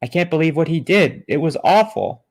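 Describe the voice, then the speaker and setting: A man reading the lines of a frightened, panicking man in a flat read-aloud voice with no accent. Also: fairly high pitch, moderate pace, voice pushed up. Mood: distraught.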